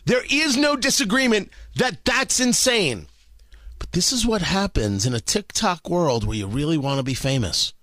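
A man's voice: high-pitched, fairly bright tone, dry recording, studio quality. A man hosting a political commentary show with a sarcastic, incredulous manner. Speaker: host.

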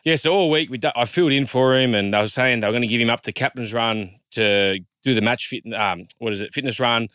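A man's voice: medium pitch, fast talker, hardly any pauses, a bit bright, clear, resonant tone, dry recording, studio quality. An Australian man, a co-host and former rugby league player, telling a long story in a chatty, matey way, with many restarts. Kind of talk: casual storytelling.

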